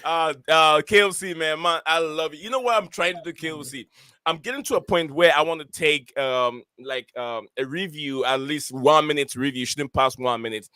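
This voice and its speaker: Give me an excited man hosting a live football stream, bright and a bit high. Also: normal speed, clear, resonant tone, dry recording. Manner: excited, rambling, lots of fillers. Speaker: host.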